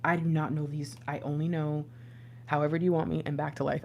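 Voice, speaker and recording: An excitable woman giving a casual tarot reading, swinging from loud exclamations to hushed whispers. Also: deep voice, quick pace, creaky, muffled recording. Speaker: intuitive tarot reader.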